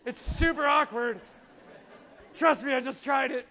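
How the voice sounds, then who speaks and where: High-voiced man preaching with passion. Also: unhurried, some chatter behind. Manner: swings from hushed asides to shouted pleas; casual slang mixed with preaching. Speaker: conference speaker. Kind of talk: impassioned religious talk. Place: conference stage.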